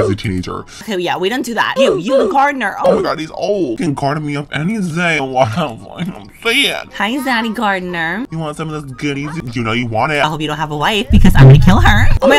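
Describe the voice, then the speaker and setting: Campy young woman with a swooping voice. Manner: campy, slang-heavy, dramatic with squealing highs. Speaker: gaming YouTuber. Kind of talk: Sims gameplay commentary. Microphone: desk condenser microphone.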